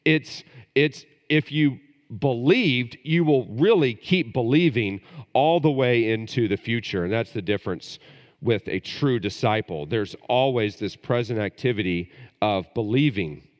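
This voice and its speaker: Preacher guy, lowish voice, gets loud and punchy on the big points, church reverb. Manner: animated preaching, rising to emphatic bursts. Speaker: pastor. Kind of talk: sermon. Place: church sanctuary. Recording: long hall reverb.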